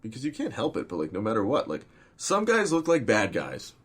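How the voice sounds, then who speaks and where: A man with a very deep, low voice chats loosely about his films as their director. He rambles through the talk with plenty of fillers and swears freely and casually. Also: wildly swooping pitch, brisk, husky. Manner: rambling and profane, full of fillers. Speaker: film director. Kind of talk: casual podcast interview.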